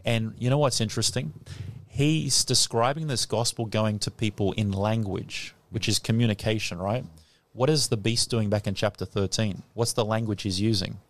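A man's voice: fairly low pitch, moderate pace, hardly any pauses. A man teaching the Bible on live radio, quizzing a class in front of him and laughing often. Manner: lively, laughing, asks the audience questions. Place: tent or hall with a live audience.

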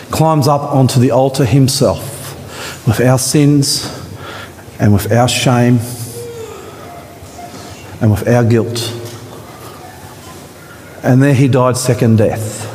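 A male pastor preaching an impassioned sermon in a church, swinging his pitch and pace for drama. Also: darkish tone, slight background noise. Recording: long reverb in a church hall, faint ambience.

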